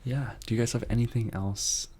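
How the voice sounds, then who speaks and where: A man hosting a soft-spoken ASMR live chat, answering viewer messages in a tender, earnest, rambling way that drifts into whispers. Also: mid-range voice, fairly even intonation, fairly quick, slightly rough. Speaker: ASMR channel host reading viewer messages.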